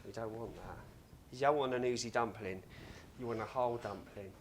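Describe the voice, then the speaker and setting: Man, cooking host, low voice, chatty, joking, home kitchen, faint background noise. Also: fairly quick. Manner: chatty, joking, self-mocking asides. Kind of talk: casual cooking demonstration.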